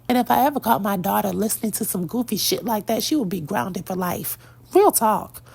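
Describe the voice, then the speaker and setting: A woman's voice: a little high, creaky, breathy edge. A woman giving blunt, sassy celebrity gossip commentary, preaching and calling out to "girl" and "y'all".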